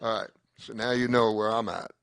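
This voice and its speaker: A man's voice: on the low side, fairly even intonation, fairly quick, vocal fry, a bit bright, smooth. An older man doing a rambling, profane stand-up comedy set, cutting himself off mid-thought. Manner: rambling, profane, self-interrupting.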